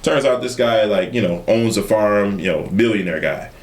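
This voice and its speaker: A man's voice: on the low side, normal speed, faint music behind. A young man, a podcast guest, telling a story casually with plenty of fillers. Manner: relaxed, many fillers. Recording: echoey room.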